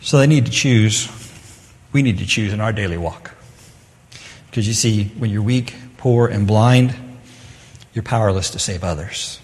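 A man preaching a sermon in a casual, talky way, turning loud and emphatic when he reads scripture aloud. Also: fairly low pitch, normal speed, pauses often. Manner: conversational, switching to loud emphatic scripture reading. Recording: long echo of a large hall.

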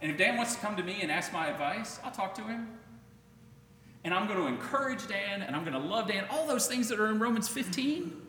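Lively conversational pastor in an echoey hall. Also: male voice, high-pitched, brisk. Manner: conversational, animated preaching with acted-out quotes. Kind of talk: sermon. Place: church sanctuary. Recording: echoey church hall, faint ambience.

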